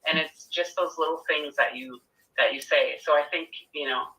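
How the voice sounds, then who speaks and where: A woman's voice: sits low, normal speed, pushed and bright, far from the mic, rough recording. A woman who gives spiritual readings, chatting casually and sprinkling her speech with "like". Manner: filler-heavy, lots of "like". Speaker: spiritual reader. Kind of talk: casual chat.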